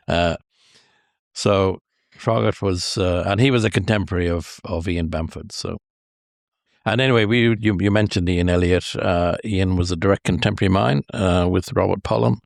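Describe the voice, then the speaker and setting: Older Irish guest, deep-voiced, spins long hesitant anecdotes. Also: male voice, moderate pace, creaky, no room sound, studio quality. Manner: rambling, many hesitations, chuckles at his own stories. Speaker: golf historian guest. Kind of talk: anecdotal storytelling interview.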